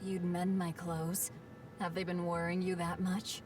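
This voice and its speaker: A woman's voice: lowish voice, level tone, measured pace, natural voice. An actress playing a blunt, tough young woman warrior in a game, who speaks matter-of-factly. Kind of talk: game voice acting. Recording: game audio with music, from far off.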